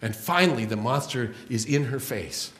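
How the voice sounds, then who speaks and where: A middle-aged man giving an inspirational spiritual talk as guest speaker in a church hall, telling stories with slow, emphatic rises and drops. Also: mid-range voice, expressive, fairly bright tone. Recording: roomy hall echo.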